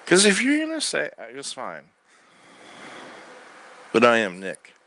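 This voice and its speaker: A man delivering a rambling spoken-word monologue from his bed into a microphone, swinging between loud outbursts and quiet mutters. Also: medium pitch, huge pitch swings, unhurried. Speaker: recording artist. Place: bedroom.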